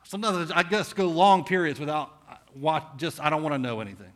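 A man with a Southern US accent preaching a conversational sermon, asking rhetorical questions and swinging between intense and hushed delivery. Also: a little high, expressive, a little fast. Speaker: pastor.

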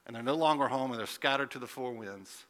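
Bright-voiced man preaching a sermon. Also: medium pitch, fast. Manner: conversational, animated preaching with rhetorical questions. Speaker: pastor.

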